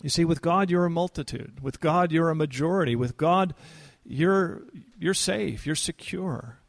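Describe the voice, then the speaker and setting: A man's voice: on the high side, unhurried, gravelly. A man preaching an expository sermon in a conversational, earnest manner, lifting his voice for emphasis. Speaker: pastor.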